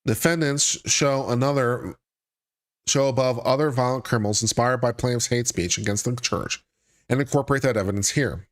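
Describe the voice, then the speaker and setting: A man's voice: medium pitch, normal speed. A man hosting a live stream, reading a court filing aloud and breaking off into dry, sarcastic commentary. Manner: reads legal text aloud then breaks off into sarcastic asides. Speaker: legal commentary host.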